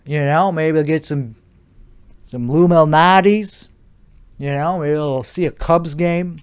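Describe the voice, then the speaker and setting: A man's voice: a little high, slow, clear, resonant tone. A young man with a put-on Chicago accent hosting a solo comedy podcast, ranting in a rambling, profane, mock-bravado way. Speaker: podcast host.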